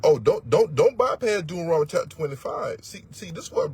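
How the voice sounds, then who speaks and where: Very husky, fiery male preacher. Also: a little high, sing-song, fairly quick, few pauses. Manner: blunt, profane, emphatic, repeats words for force. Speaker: religious teacher and elder. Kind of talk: fiery sermon-style teaching.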